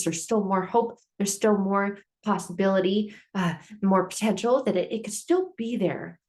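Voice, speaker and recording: A woman's voice: medium pitch, a little mellow. A woman speaking in a mid-range voice gives a motivational self-help talk. She tells the story patiently, stacking repeated phrases to build it up. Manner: storytelling with repetitive build-ups.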